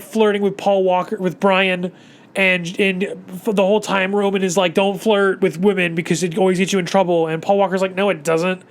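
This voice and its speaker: A YouTuber ranting through a casual movie recap, exasperated and profane, rambling with many restarts and swinging between muttering and loud outbursts. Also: medium pitch.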